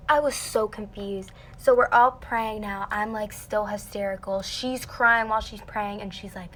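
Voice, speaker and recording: A woman's voice: mid-range voice, moderate pace, slight background noise. A young woman telling a dramatic story to fans in a casual livestream, talking animatedly and saying "like" a lot. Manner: dramatic, animated, heavy use of "like". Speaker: singer answering fans on a livestream.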